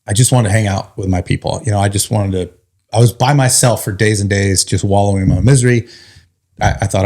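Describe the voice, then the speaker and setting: This firefighter talks fast in a lowish, creaky voice while telling his story casually. He jokes around, stays animated, and acts out quotes from the people involved.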